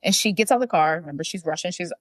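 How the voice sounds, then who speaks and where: A woman's voice: on the low side, animated, very fast, no echo, studio quality. A young adult woman co-hosting a podcast, chattily retelling a movie plot and acting out the characters' lines. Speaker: podcast co-host. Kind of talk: casual movie recap.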